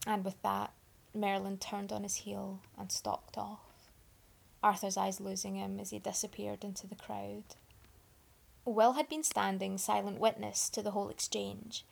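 A woman narrating a story in a steady, expressive reading. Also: medium pitch, vocal fry.

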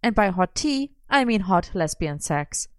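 A woman's voice: mid-range voice, a little slow, dry recording. A woman reading aloud, voicing a dry, sardonic young woman. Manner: dry, deadpan.

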